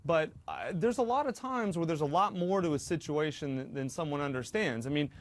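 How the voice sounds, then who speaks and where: A man's voice: on the high side, animated, brisk. A man co-hosting a talk show, speaking earnestly and hedging with fillers. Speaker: co-host.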